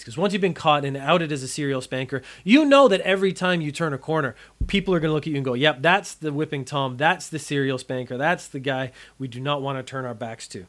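A man's voice: on the high side, a bit bright. A man hosting a podcast, telling a history story in a casual, jokey and emphatic way. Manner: jokey, emphatic, playful asides. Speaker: podcast host.

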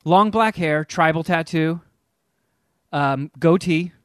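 A man's voice: a little high, slow pace, smooth, no echo. Rambling, self-mocking comic storyteller, man. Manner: acts out quotes in character voices. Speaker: podcast co-host.

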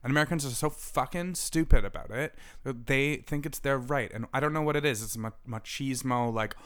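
Podcast co-host, male, smooth clear voice, swears through an angry rant, laughs between outbursts. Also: medium pitch, fairly quick, a bit bright. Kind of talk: casual podcast chat.

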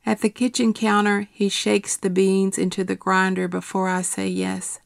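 A middle-aged woman reading her personal essay aloud in a quiet, measured, steady way. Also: medium pitch, gravelly, no echo, clean studio sound.

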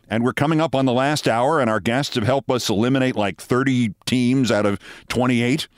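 A man's voice: medium pitch, dry recording, clean studio sound. Wry older man telling a story. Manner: wry, brisk anecdotal narration. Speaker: host. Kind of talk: storytelling monologue.

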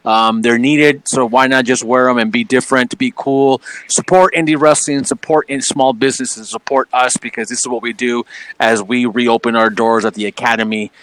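A man guesting on a podcast, plugging his business in a relaxed, chatty way and often saying "you know what I mean.". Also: mid-range voice, normal speed, poor audio. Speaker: guest, mask maker and wrestling promoter. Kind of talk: casual podcast plug.

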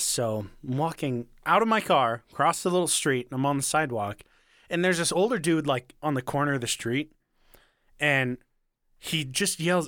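A man's voice: mid-range voice, moderate pace, a bit bright, dry recording, studio quality. A young man co-hosting a casual podcast, telling a story with lots of swearing, laughing and self-mockery. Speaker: podcast co-host.

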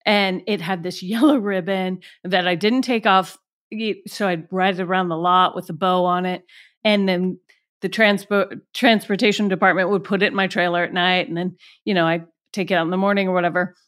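A middle-aged actress guest telling a story in a casual interview, animated and laughing as she goes. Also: on the low side, fairly quick.

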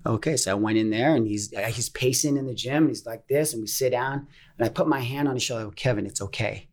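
A middle-aged man, a guest in a casual interview, telling earnest stories fast and acting out the dialogue. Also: mid-range voice, darkish tone. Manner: earnest, fast-paced storytelling that acts out dialogue. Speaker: interview guest, fitness business owner.

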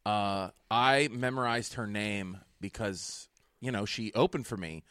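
A man's voice: lowish voice, measured pace, a bit bright, clean tone, no room sound. A man, a comedian hosting a podcast, rambling through comedic stories and laughing at his own bits, recorded in a large empty hotel conference room. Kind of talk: casual comedic banter.

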